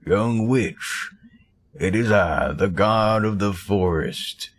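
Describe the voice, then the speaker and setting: A man voicing a costumed man posing as a forest god, speaking in a solemn, archaic way with a Southern US accent. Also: fairly low pitch. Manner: slow, grave pronouncements. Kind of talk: reading game dialogue aloud.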